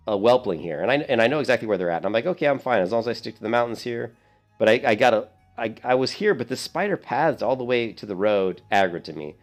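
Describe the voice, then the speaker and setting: A man in his thirties, a streamer telling a rambling, animated story in casual gameplay commentary. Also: mid-range voice.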